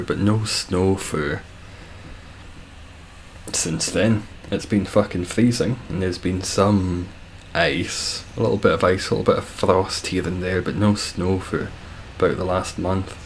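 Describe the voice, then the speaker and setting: A deep, low-pitched Scottish man talking easily on a live stream, answering his chat in a laid-back way and swearing now and then. A faint hum of ambient noise sits behind him. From Scotland. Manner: laid-back, swears casually, reads chat aloud and chuckles.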